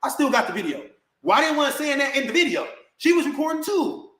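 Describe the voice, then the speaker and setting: A man's voice: very high voice, very animated, a little fast, fairly bright tone, roomy sound. A man venting in a heated rant to the camera, indignant and repetitive, calling his viewers bro. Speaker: vlogger.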